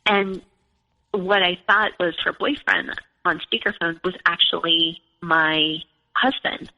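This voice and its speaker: A woman's voice: lowish voice, takes it slowly, bright, forceful tone. Woman, 40s, podcast guest; chatty storyteller, constant fillers; lo-fi, reverberant audio. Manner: chatty, fills speech with "like" and "you know". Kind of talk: personal storytelling in conversation. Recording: lo-fi with long reverb.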